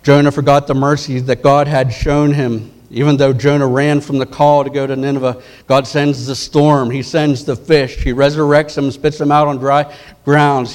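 A man preaching a sermon, retelling parables in a conversational way and dropping his voice low and soft for key words. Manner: conversational storytelling, dropping to soft intense tones for quoted lines.

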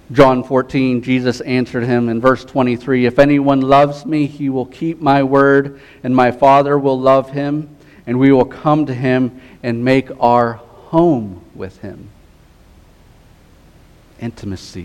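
A middle-aged male pastor delivering a sermon with earnest conviction. His voice sits at an ordinary pitch and often sinks into a quiet, tender hush to stress a point. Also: fairly even intonation, a little slow, rough recording. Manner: earnest preaching, drops to a soft hush on key phrases.

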